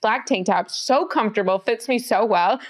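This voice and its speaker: A young woman reporter in casual sports podcast chat, telling stories in a wry, relaxed way. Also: fairly high pitch, normal speed.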